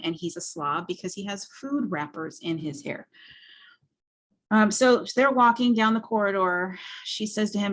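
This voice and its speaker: Rambling woman teaching a class. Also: lowish voice. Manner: rambling, many ums, acts out scenes. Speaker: graphic novel instructor. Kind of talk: casual class walkthrough.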